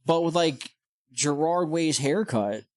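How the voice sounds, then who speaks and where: A man's voice: fairly high pitch, expressive, slow pace, darkish tone, dry recording. A man co-hosting a podcast in casual chat, reacting with short laid-back quips.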